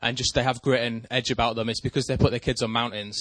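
A man's voice: mid-range voice, quick pace, no echo. A man telling a rambling, self-deprecating story in casual chat with a co-host. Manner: rambling, self-deprecating, animated when excited.

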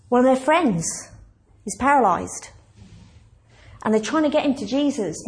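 A woman's voice: fairly high pitch, a little mellow. A woman pastor preaching a conversational, emphatic sermon and asking the congregation questions.

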